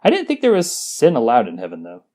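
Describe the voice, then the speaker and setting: A man's voice: medium pitch, huge pitch swings, fast talker, dark tone. A man co-hosting a podcast, reading scripture aloud and mocking it with crude jokes and frequent laughter. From Las Vegas. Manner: crude jokey, laughs often. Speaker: podcast co-host. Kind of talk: irreverent comedic scripture reading.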